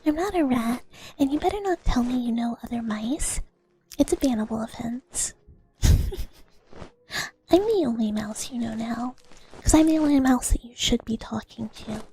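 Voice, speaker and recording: Breathy woman, teasing whispered role-play. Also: a little high, animated, moderate pace, long pauses, dark tone. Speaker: ASMR streamer. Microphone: binaural 3Dio microphone.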